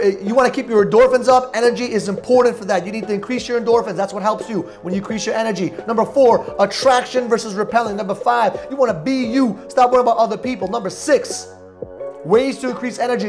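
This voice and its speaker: Loud, energetic motivational podcast man. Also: high voice. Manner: energetic, emphatic, preachy. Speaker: podcast host.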